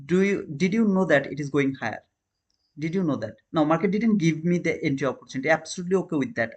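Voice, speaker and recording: Guy live trading stream, kinda high voice, english, earnest, keeps saying man and brother. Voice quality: non-native English, repeats phrases. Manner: earnest, questions viewers, calls them man and brother.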